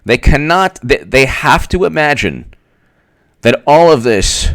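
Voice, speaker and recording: A man's voice: mid-range voice, very animated, unhurried, fairly bright tone, dry recording, clean studio sound. A man hosting a political commentary monologue, talking in a sarcastic, rambling way. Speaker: political commentator, channel host.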